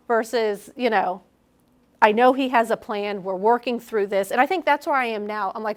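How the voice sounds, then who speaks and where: Woman, middle-aged, candid sermon, conversational, acts out her own inner voices, fairly high voice. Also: normal speed. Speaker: young adults group speaker.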